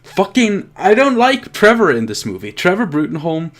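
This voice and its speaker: A man's voice: high voice, wildly swooping pitch, normal speed, fairly bright tone. Profane ranting young man reviewing a film. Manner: profane, exasperated ranting with mocking impressions. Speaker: movie reviewer.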